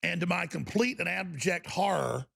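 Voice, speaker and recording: A man's voice: sits high, normal speed, bright, forceful tone. A male talk show host delivering a fervent, ranting radio monologue with mocking asides. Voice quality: gravelly.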